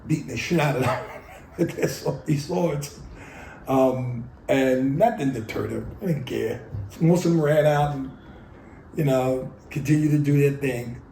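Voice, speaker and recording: A man's voice: medium pitch, creaky, dark tone, roomy sound, a little hiss or hum, low-quality recording. Older blunt-spoken New man. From New York City. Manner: blunt, profane storytelling. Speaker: oral history interviewee. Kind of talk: oral history storytelling.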